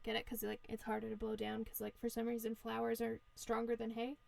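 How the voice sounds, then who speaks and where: Woman podcast host, high voice, dry close sound, slangy, profane, playful storytelling. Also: completely flat delivery, fairly quick, creaky, darkish tone, dry recording. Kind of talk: casual storytelling chat.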